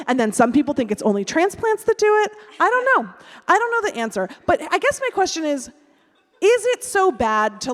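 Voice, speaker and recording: A woman in her thirties on a live panel, animated and self-mocking, acting out what people say. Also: high-pitched. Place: large hall on stage. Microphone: stage microphone. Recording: reverberant hall.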